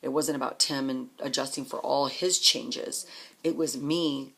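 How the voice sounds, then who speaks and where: Gravelly, husky middle-aged woman. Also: extremely low pitch, steady tone, a little slow, a bit bright. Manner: blunt, swears often, repeats words when emotional. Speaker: trucker's wife telling her story. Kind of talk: candid personal storytelling.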